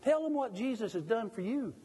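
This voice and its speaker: A man's voice: extremely high pitch, lively intonation, fairly quick, mellow, husky, long reverb tail. A middle-aged man from Mississippi, preaching a sermon in a church. He keeps putting pointed questions to the congregation and jokes at his own expense. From Mississippi, USA.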